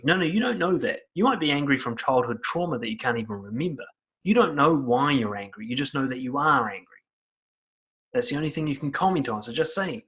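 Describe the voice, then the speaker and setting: A man's voice: a little high, expressive, brisk, fairly bright tone. Blunt, profane man giving advice. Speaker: self-help coach. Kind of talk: direct-to-camera advice talk.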